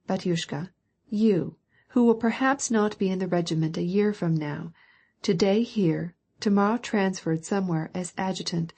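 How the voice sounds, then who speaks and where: Lady reading stern old captain guy, firm and scolding, kinda husky low tone. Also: dark tone. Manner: firm, reproachful. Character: stern old male army captain, proud.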